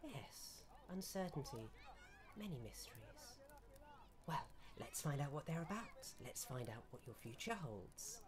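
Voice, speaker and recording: A man voicing a kindly, cryptic old woman fortune-teller who coaxes gently and calls people dearie, in a tabletop game. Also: mid-range voice, very animated, measured pace, voice pushed up. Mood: mysterious.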